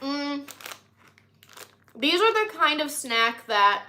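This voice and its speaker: Bright, high-voiced chatty American woman. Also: very animated, slow. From United States. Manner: rambling, chatty, with many likes and ums. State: slightly nasal from recent illness. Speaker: vlogger tasting snacks. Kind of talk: casual chat to camera.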